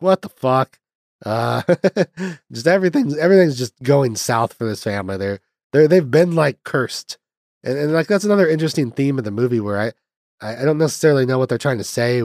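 A man's voice: mid-range voice, a little mellow, dry recording, studio quality. A man hosting a podcast, telling a film's story in a rambling, casual way, swearing often and laughing at his own jokes. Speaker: podcast host recapping a film. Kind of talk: casual movie recap.

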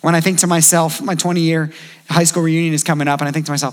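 Man in his thirties preaching, fairly high voice. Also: little pitch movement, fast talker. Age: 30s. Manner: conversational preaching, acts out quoted voices. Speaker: pastor. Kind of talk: sermon.

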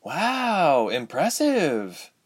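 A man voicing a timid, anxious young woman in a storybook reading, speaking in a high, fretful voice. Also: wildly swooping pitch, extremely slow, breathy edge, exaggerated voice. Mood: doubtful. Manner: fretful, worried pleading.

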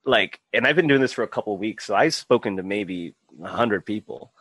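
Low-voiced laid-back man telling stories. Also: brisk, breathy edge, dry recording. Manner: relaxed, swears freely, acts out quoted people. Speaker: podcast host. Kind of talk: casual podcast chat, storytelling.

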